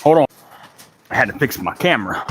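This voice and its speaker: A man's voice: medium pitch, big pitch swings, brisk, fairly bright tone, slightly rough. A man from Charleston with a Gullah Geechee accent, chatting casually and swearing now and then as he talks to livestream viewers while working in his woodshop. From Charleston, South Carolina. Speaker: woodworking livestream host.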